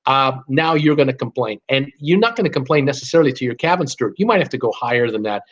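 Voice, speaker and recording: A man's voice: medium pitch, animated, fast talker, dull audio. An older man hosting a live cruise talk, giving blunt, fired-up advice in a ranting manner. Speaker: cruise vlogger host.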